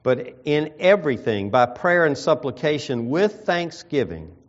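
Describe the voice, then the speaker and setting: Emphatic preacher, lively pitch, lo-fi sound. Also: male voice. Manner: emphatic preaching with slow stressed phrases. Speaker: pastor. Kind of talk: sermon. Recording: dull lo-fi sound.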